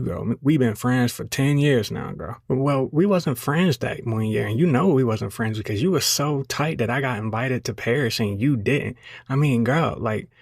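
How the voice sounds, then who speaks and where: A man's voice: medium pitch, gravelly, slightly rough, no room sound, studio quality. A man voicing a catty suburban woman friend who swears freely and calls everyone girl.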